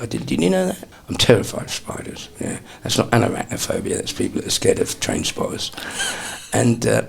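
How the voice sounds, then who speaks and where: A man in his sixties, a comedian guest telling lively anecdotes in an interview and dropping into quick impressions. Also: on the low side, gravelly, husky. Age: 60s. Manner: animated storyteller, slips into quick impressions.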